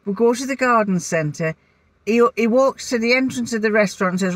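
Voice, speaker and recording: A woman's voice: on the high side, a little fast, no room sound. An older woman with a Geordie accent, chatting casually and telling stories with frequent laughs. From North East England. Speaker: sewing vlogger. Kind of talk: casual chat. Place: outdoors on a windy day.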